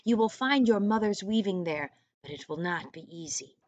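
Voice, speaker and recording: A woman reading aloud voices a wrinkled old man at a mountain hut, speaking in a hushed, croaky way with whispered parts. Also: medium pitch, lively intonation, moderate pace, no room sound, dull audio, close to an everyday voice. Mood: ominous.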